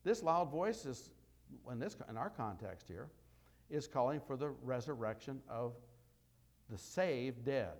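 A man preaching a sermon, with emphatic loud bursts and quieter asides as he walks through scripture. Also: mid-range voice, lively intonation, measured pace.

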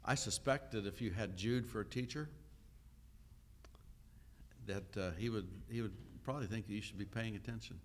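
Male pastor, lower voice, unhurried conversational sermon with many pauses. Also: slight background noise. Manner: unhurried teaching with frequent "uh" pauses; conversational, asks the listeners questions.

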